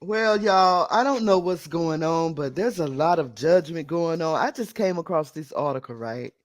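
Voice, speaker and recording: A man co-hosting a casual podcast, chatting and reading an article aloud with animated exclamations. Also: a little high, normal speed, dry recording. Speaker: podcast co-host.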